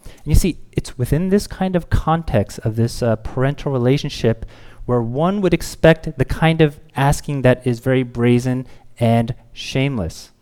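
A man in his thirties preaching a sermon, a father who tells stories and acts out his children's pleading with lively rises in pitch. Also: normal speed, clear, resonant tone. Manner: animated storytelling, acts out children's pleading voices. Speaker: pastor.

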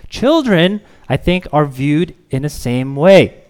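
Man, thirties, pastor preaching, animated storytelling, fairly high voice, voice leaps up when acting out kids. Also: slow, clear, resonant tone. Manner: animated storytelling, acts out children's pleading voices. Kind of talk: sermon.

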